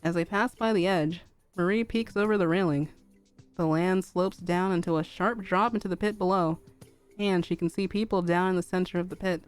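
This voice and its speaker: A young woman streamer narrating a fanfic aloud in a calm, even reading. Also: on the low side, normal speed, faint music behind.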